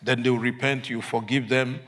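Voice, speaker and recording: A man preaching, voicing a reluctant male prophet in a lower, quieter, sulky mutter. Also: little pitch movement, moderate pace, close to an everyday voice. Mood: defiant.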